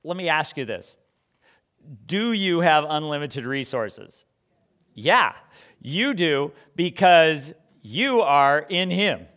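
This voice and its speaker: A man's voice: on the high side, fairly bright tone. A man preaching a sermon in a conversational way, full of rhetorical questions and stumbling restarts.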